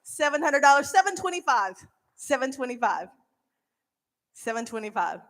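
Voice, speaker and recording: Lady auctioneer rattling off bids, kinda high voice, big echoey hall. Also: big pitch swings, a bit bright. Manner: rapid repetitive bid calling, playful. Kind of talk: charity auction calling. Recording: reverberant event hall.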